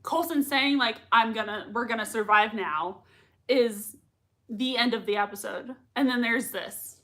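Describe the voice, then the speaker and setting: A woman's voice: on the high side, a little slow, fairly bright tone. A young woman hosting a live reaction stream, gushing and repeating herself as she reacts and reads chat messages. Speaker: livestream reaction host.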